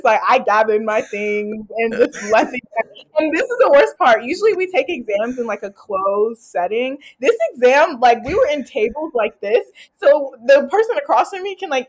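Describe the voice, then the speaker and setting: A young adult woman, a college student guest, telling stories in casual chat with expressive laughter. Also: high-pitched, moderate pace. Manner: expressive storyteller, laughing while she talks.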